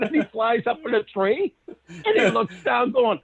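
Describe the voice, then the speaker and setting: A man's voice: sits high, big pitch swings, moderate pace, creaky, slightly rough, highs cut off. A man in casual chat who tells stories with a lot of energy, laughs often and acts out voices as he goes. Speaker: co-host.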